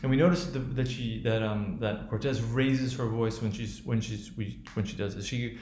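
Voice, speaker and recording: A man lecturing on how a speech is built and spoken. He talks haltingly, with many restarts and fillers, and often checks in with "right?". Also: on the low side, fairly even intonation, darkish tone, reverberant. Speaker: teacher.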